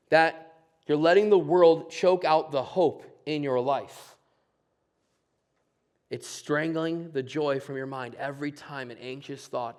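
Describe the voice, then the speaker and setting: A man preaching a sermon in church, earnest, swinging from loud emphasis to hushed, near-whispered lines. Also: medium pitch. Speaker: pastor.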